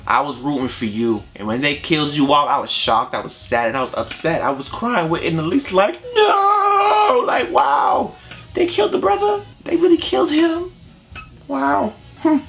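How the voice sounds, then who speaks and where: Animated man talking to tv characters. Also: mid-range voice. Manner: animated, talks straight to the show's characters. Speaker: YouTube reviewer. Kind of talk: casual review vlog.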